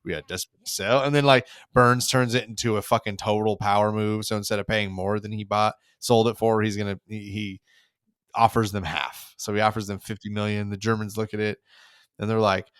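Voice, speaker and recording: A man's voice: on the low side, flat delivery, brisk, a bit bright, smooth, no echo, clean studio sound. A man co-hosting a podcast, recapping a cartoon episode in a rambling, casual way full of fillers. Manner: rambling, filler-heavy retelling. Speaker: podcast co-host.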